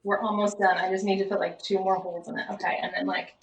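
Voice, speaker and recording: A woman's voice: mid-range voice, level tone, fast talker, very noisy. A woman co-hosting a casual talk show, giving short agreeing replies while busy with a craft. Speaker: podcast co-host. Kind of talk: casual chat. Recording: roomy echo.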